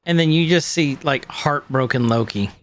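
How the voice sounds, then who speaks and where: A man co-hosting a podcast, recapping a show in casual chat, animated and quick to laugh, acting out quotes. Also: mid-range voice. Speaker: podcast co-host.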